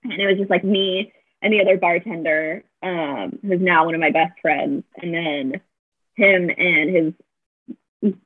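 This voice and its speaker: A woman's voice: fairly low pitch, a little slow, slightly rough, dry recording. Young woman on a tinny, dry line. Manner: animated storyteller, quotes herself and others, laughs often. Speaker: podcast guest. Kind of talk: casual chat. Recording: dry, tinny phone-like sound.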